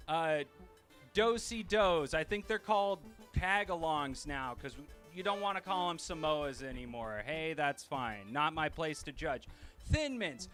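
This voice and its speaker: A man's voice: a little high, lively intonation, unhurried, fairly bright tone, soft background music. A man doing a stand-up comedy routine, ranting in a profane, incredulous way.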